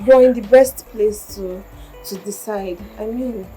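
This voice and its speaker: A woman plays a kind young housemaid who speaks politely and reassuringly. Her voice is slow and mellow, with faint film music behind it. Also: medium pitch, lightly acted, low-quality recording. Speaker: maid. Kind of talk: film acting.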